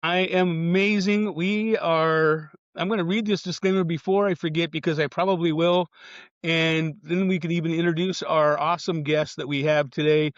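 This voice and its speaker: A man's voice: on the high side, fairly even intonation, normal speed, no room sound, dull audio. A man co-hosting a real estate podcast, easygoing and jokey as he reads a disclaimer and banters. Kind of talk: casual podcast chat.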